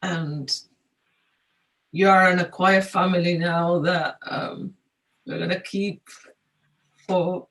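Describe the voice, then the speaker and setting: A host on a video call thanking a guest, speaking softly and hesitantly with many fillers. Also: medium pitch, fairly even intonation, takes it slowly, long pauses, distant mic, poor audio.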